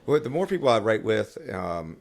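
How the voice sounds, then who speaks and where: A man's voice: fairly low pitch, very animated, normal speed, gravelly. A man talking as a songwriter guest on a podcast, rambling casually with many restarts and fillers.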